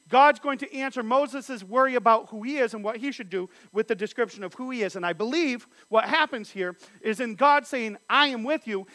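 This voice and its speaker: A man's voice: very high voice, pushed and bright, no echo. A man teaching a Bible study, reading scripture passages aloud and then explaining them.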